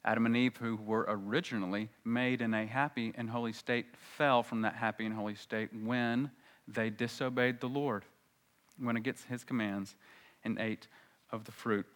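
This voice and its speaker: A man preaching a sermon, dropping to a hushed low voice and then rising loud and high for emphasis. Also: fairly even intonation, moderate pace.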